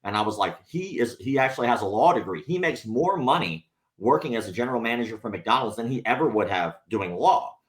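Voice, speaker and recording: A man telling a story on a podcast in casual chat, animated and profane, acting out the people he quotes. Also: medium pitch, a little fast. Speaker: podcast guest.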